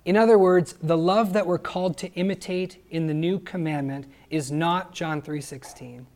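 Guy preaching a sermon, kinda high voice, earnest and emphatic. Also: normal speed, a little mellow. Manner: earnest, emphatic teaching with rhetorical questions. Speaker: pastor.

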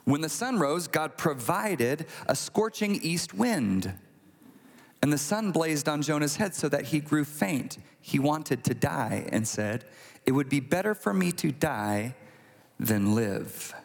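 Guy preaching a sermon, chatty and animated, kinda high voice, big echoey church hall. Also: takes it slowly, creaky. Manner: conversational, animated storytelling with acted asides. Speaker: pastor. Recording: long hall reverb.

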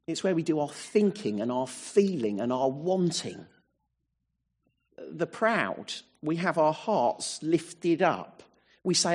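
Husky-voiced male preacher, higher pitch. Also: sing-song, slow pace. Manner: frequent rhetorical tag questions; expository, walking through verses. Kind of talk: sermon.

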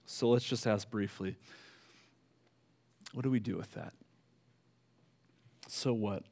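A man preaching a sermon, telling a story slowly with fillers and pauses, dropping soft at solemn moments. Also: fairly low pitch, vocal fry. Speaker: pastor.

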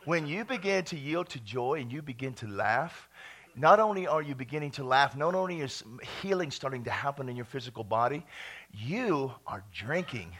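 Exuberant, bright-voiced male preacher. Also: medium pitch, expressive, a little fast. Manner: exuberant, bursts of laughter and shouted praise. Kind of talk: charismatic sermon. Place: church sanctuary.

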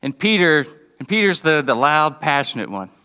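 A man's voice: fairly high pitch, big pitch swings, moderate pace, bright, forceful tone, clear, resonant tone. A man preaching a sermon in a conversational, storytelling way, often restarting his sentences. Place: church hall. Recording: long reverb of a hall.

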